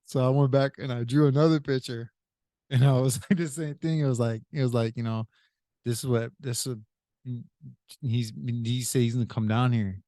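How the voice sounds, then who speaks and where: A man's voice: mid-range voice, steady tone, normal speed, mellow, dry recording. Male podcast host, rambling storyteller, chuckles a lot, dry close sound. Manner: retells with many "I said", laughs often. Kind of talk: casual storytelling.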